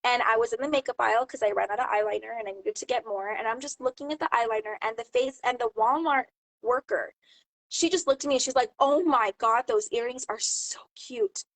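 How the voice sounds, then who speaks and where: A mom talking casually to camera, giving business tips and acting out lively quoted exchanges. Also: female voice, a little high, quick pace, creaky, low-quality recording. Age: adult mom. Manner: chatty, animated storyteller acting out quotes. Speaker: jewelry seller and channel host. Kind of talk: casual advice talk to camera.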